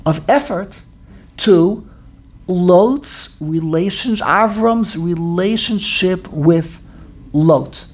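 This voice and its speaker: A woman's voice: lowish voice, drawn-out words, darkish tone. A woman teaching a Bible class in an earnest, explaining way, often repeating and restarting her phrases. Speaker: Torah teacher.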